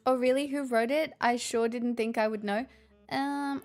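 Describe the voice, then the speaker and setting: A woman's voice: on the high side, fairly even intonation, a little slow, darkish tone, faint music behind. An Australian woman hosting a casual live stream, chatting with viewers in a sarcastic, self-deprecating way. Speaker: livestream host.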